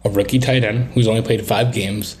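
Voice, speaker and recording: Brief: young male co-host, lower voice, loose and filler-heavy, slight background hiss. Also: steady tone, a little fast, darkish tone. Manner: rambling, searches for words with many fillers. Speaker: podcast co-host. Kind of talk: casual sports chat.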